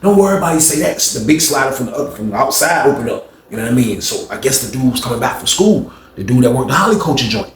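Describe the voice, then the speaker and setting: A man's voice: mid-range voice, fast talker, hardly any pauses. A young man casually telling a story in heavy slang, acting out the people in it. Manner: slangy, animated, acts out every voice. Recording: roomy echo.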